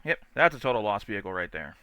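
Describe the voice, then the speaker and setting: A man's voice: fairly low pitch, sing-song, fast talker, pushed and bright, clear, resonant tone, no room sound. A man doing casual live-stream commentary on dash cam clips, chatty and swearing freely. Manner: chatty, laughs often, swears freely, mimics angry drivers.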